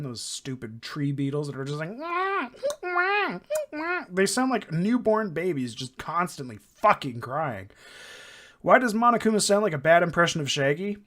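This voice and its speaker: A man from Indiana, USA, a gaming streamer with a mid-range, somewhat bright voice, gives casual let's-play commentary. He rambles and jokes over the playthrough, swearing frequently.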